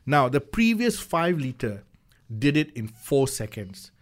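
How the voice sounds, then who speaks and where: A man chatting casually as a car reviewer, animated and often repeating words as he builds a point. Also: mid-range voice, a little slow. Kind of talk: casual chat.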